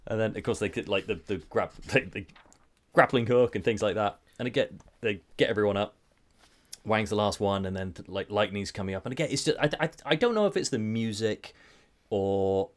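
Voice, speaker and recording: A young man casually talking through film scenes on a podcast, chatty with quick asides. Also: lowish voice. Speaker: podcast host.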